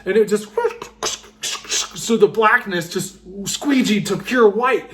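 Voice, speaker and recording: A young man telling a wild personal story in a casual, excitable way, with lots of "like" and "just". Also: high-pitched, slow pace.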